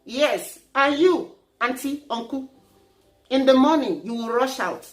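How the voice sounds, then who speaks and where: A woman's voice: high-pitched, animated, a little slow, faint music behind. Teasing Nigerian woman vlogger, echoey room. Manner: playful, teasing, preachy. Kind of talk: casual humorous vlog.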